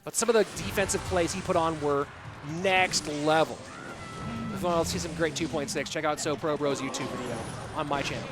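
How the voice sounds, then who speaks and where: High-voiced man casting a game live. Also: fairly even intonation, fairly quick. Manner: chatty, talks straight to his chat. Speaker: streamer and tournament caster. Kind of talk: live-stream game commentary. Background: music.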